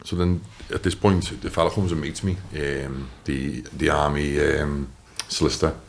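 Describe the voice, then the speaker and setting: A man in his thirties with a Liverpool accent, telling his story as a podcast guest, animated and swearing, acting out what others said. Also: extremely low pitch, normal speed, vocal fry, a little hiss or hum. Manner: animated, swears, acts out quotes. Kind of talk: casual storytelling.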